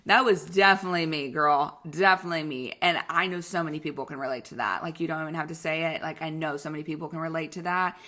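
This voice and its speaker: A young woman hosting a podcast as a coach, telling stories in a casual, slangy, animated way and laughing often. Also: low voice, fast, few pauses.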